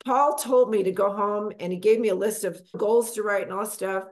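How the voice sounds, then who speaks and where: A middle-aged woman from Texas, a financial advisor guest, telling her story in a lively conversational way and acting out the people she quotes. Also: brisk. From Texas, USA. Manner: animated, acts out quotes with big pitch jumps.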